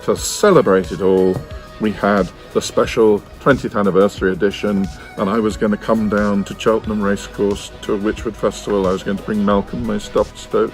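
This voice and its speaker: A man who writes children's books, giving a playful talk to a festival audience and jumping into silly squeaky voices. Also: fairly quick, gravelly, faint music behind. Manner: animated, silly, jumps into squeaky comic voices. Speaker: children's author.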